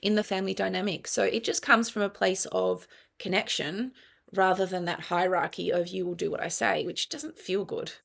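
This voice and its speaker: A fairly low, creaky female voice with an Australian accent carries steady intonation at a moderate pace. The speaker, a middle-aged family and child counselor interviewed conversationally, earnestly lays out parenting ideas using quoted dialogue.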